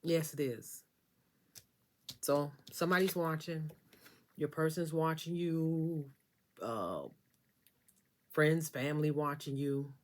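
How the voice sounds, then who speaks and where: A woman's voice: sits low, slow pace, pauses often. Lady doing a tarot reading, sassy, repeats stuff for emphasis, talks right at you. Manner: speaks straight to the listener. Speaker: tarot reader. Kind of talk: casual tarot card reading.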